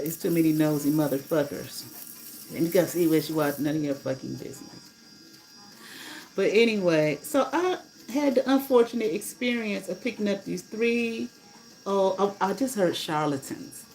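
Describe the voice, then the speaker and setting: A woman's voice: deep voice, a little mellow, a little hiss or hum, poor audio. A woman on a casual livestream, telling a story bluntly and indignantly and swearing freely. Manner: blunt, profane, indignant retelling. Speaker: livestreamer and rideshare driver.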